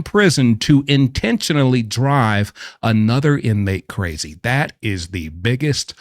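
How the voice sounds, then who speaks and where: A man in the middle of a pitch range swings his voice up and down as he rants bluntly, mocking what he reacts to. The sound is dry and close, with no room around it. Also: sing-song, measured pace, dry recording. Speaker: commentator who says he knows prison. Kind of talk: opinionated reaction commentary.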